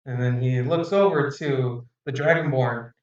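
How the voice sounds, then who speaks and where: A man narrates a tabletop game as game master, rambling with fillers and restarts. His voice is mid-pitched and sounds distant, in a very echoey room on a muffled line. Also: measured pace.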